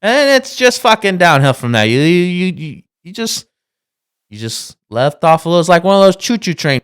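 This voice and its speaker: A man in his thirties talks through a casual podcast monologue in a smooth, clear voice. He speaks slowly but with a very lively pitch that swings up and down. He rambles, restarts his sentences and swears as he goes. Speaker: podcast co-host.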